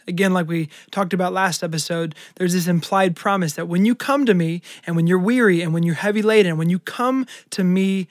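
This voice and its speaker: A man's voice: high-pitched, fairly quick, hardly any pauses, no room sound, studio quality. A man co-hosting a devotional podcast, speaking earnestly and searching for words. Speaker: podcast co-host.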